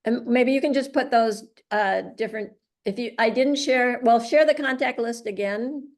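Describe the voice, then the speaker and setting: A woman's voice: on the high side, moderate pace. A woman hosting an online class over a video call, encouraging others and moving the session along. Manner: encouraging, with steady backchannel. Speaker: class host.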